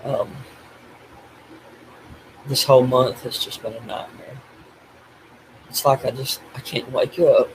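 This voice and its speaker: An older man talking in a tearful video diary, grief-stricken and blaming himself, speaking haltingly with restarts and breaking off as he cries. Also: medium pitch, steady tone, slight background noise, rough recording. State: crying. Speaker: vlogger.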